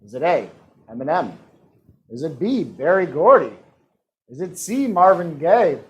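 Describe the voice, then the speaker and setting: A man's voice: a little high, sing-song, measured pace, lo-fi sound. A man hosting a live-streamed trivia game, reading questions and answer options in a playful, teasing way. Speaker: trivia host.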